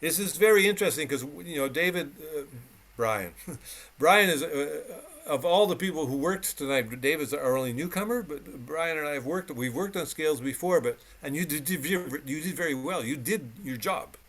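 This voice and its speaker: A man's voice: on the high side, lively intonation, moderate pace, a bit bright. A man teaching piano on a video call, coaching a student emphatically and repeating short cues as he demonstrates. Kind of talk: one-on-one instruction. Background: piano playing.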